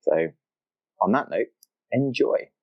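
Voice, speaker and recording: A man hosting a podcast, casually telling a story and acting out people's reactions with lively jumps in his voice. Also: lowish voice, slow, slightly rough, no echo, highs cut off. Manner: animated, acts out quoted reactions. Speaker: podcast host.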